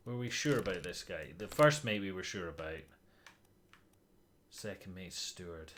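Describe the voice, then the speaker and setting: Low-voiced man muttering through a puzzle game. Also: expressive, normal speed, fairly bright tone, slight background noise. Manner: muttering, thinking aloud, sighing, swearing in frustration. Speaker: streamer. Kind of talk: casual game livestream commentary.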